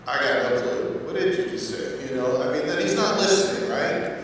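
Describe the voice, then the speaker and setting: Male pastor, conversational sermon, slightly high voice, distant mic in a reverberant sanctuary. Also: a bit bright, a little hiss or hum. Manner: conversational, joking, addresses the congregation directly. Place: church sanctuary. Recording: echoey church hall, mic at a distance.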